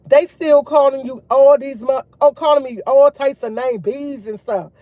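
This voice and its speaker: High-voiced woman telling a story animatedly. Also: moderate pace, no room sound, muffled recording. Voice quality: frequent swearing and slang. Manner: animated, emphatic retelling with repeated asides. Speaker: vlogger addressing her viewers. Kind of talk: casual storytelling chat.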